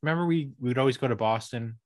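Talking very fast in a medium-pitched, slightly mellow voice, a podcast cohost in his thirties rambles casually over a remote call mic. He often trails off and laughs frequently, and there's no echo.

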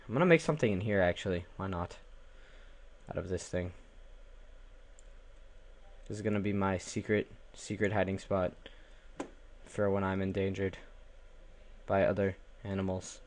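A man's voice: low voice, fairly even intonation, normal speed, pauses often, a little hiss or hum. A young man casually commenting on his own game, joking, exclaiming and chanting silly repeated words at the animals. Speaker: gaming channel host. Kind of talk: casual let's play commentary.

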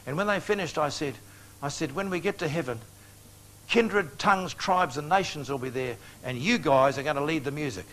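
Older man preaching with animated storytelling. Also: on the high side, moderate pace, slight background noise, low-quality recording. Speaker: evangelist. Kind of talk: sermon. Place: large meeting hall.

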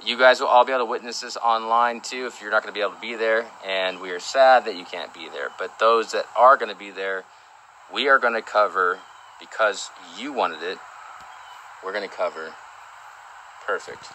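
A man chatting casually on a livestream from home, upbeat and relaxed as he promotes upcoming shows. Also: lowish voice, normal speed, a little hiss or hum, poor audio. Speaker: co-host of a livestream. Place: their home.

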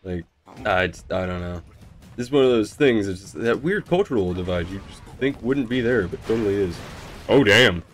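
Deadpan sarcastic man gaming. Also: fairly low pitch, normal speed. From United States. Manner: sarcastic, deadpan, swears freely; rambling with frequent fillers and restarts. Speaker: gaming channel host. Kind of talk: casual gameplay commentary.

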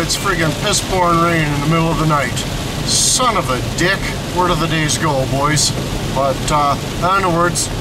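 Slangy guy vlogging with car noise. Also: fairly high pitch. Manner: crude slangy banter to the viewers. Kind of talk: rambling casual storytelling. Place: in a vehicle on the road.

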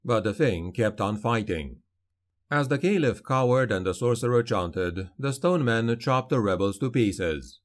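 A man narrating a fantasy audiobook in a dramatic, measured storytelling manner. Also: medium pitch, lively intonation.

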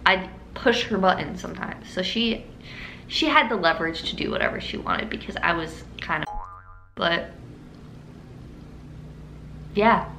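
Bright-voiced young woman telling a story. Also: fairly low pitch, unhurried, pauses often. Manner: chatty and animated, with frequent laughs and filler words. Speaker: vlogger. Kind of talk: casual story-time monologue. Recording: roomy room echo with faint hiss.

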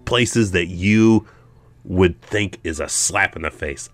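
Lowish-voiced podcast guy, crude jokey banter, swears a lot. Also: unhurried, no room sound. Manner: crude, joking, puts on silly voices. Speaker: podcast co-host. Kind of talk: casual chat.

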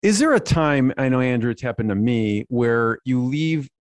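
Male podcast host, relaxed, hesitant, halting questions, dry close sound. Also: medium pitch, no echo. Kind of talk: casual interview.

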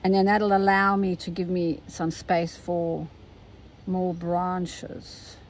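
A South African woman, older, talking casually and gently through an embroidery tutorial step by step. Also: on the low side, level tone, takes it slowly, a little hiss or hum, rough recording. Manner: chatty, gentle step-by-step instruction. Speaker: embroidery teacher.

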